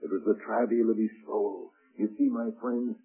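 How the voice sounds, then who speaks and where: A man's voice: fairly low pitch, fairly even intonation, moderate pace, breathy edge, faint music behind. A man preaching a sermon in an emphatic, rising and falling cadence, addressing his listeners as friends. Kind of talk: radio sermon. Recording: tinny old radio broadcast.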